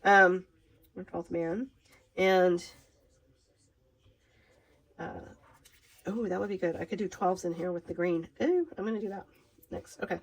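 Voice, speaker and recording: In a stamping craft tutorial, a woman with a Minnesotan accent chats casually in a fairly low voice, speaking a little slowly and pausing often. Her talk rambles and she frequently laughs at herself, though the audio quality is poor.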